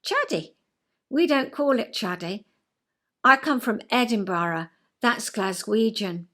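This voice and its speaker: A woman's voice: a little high, lively intonation, slow, fairly bright tone, full character voice. Woman putting on an unflustered line manager. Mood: matter-of-fact. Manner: unflustered, matter-of-fact.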